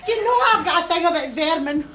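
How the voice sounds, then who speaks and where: An actress playing a put-upon, sharp-tongued Glasgow wife with a Glaswegian accent. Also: female voice, extremely high pitch, lively intonation, quick pace, heavy background noise. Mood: exasperated. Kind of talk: 1990s sitcom acting.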